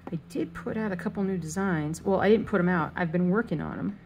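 Gravelly-voiced woman chatting while stitching. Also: on the low side, fairly quick, darkish tone, a little hiss or hum. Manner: rambling, thinks aloud, hums and mutters to herself. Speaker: cross stitch vlogger. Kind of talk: casual chat while stitching.

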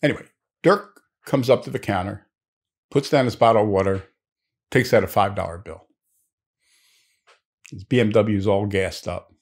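A man's voice: lowish voice, moderate pace, long pauses, breathy edge. A man telling a long joke story in a leisurely, conversational way, with asides to the listener.

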